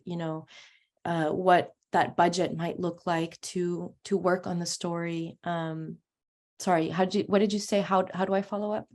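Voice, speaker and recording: A woman's voice: lowish voice, a little mellow. A woman journalist being interviewed, talking through her answers with many fillers and restarts. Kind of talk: conversational interview talk.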